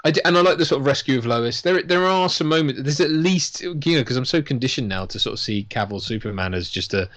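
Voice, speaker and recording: A man's voice: medium pitch, lively intonation, quick pace, hardly any pauses, fairly bright tone. A man casually chatting through a film watch-along, rambling and swearing, laughing often. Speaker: podcast co-host. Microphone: lavalier.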